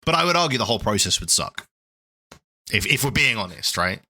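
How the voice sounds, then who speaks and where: Podcast co-host, man in his thirties, excitable and giggly, very bright tone. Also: fairly low pitch, fairly quick. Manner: laughs often, lively and excitable. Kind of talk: casual chat.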